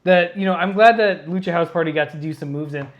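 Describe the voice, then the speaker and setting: A man's voice: on the high side, quick pace, dull audio. A man co-hosting a wrestling podcast in casual chat, often laughing and chiming in to agree. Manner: agreeable, laughs a lot, chimes in.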